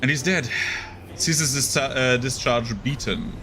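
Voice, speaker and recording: A man's voice: medium pitch, unhurried, over music. A young man casually commenting on his gameplay, rambling and chatty with lots of fillers. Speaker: gaming streamer.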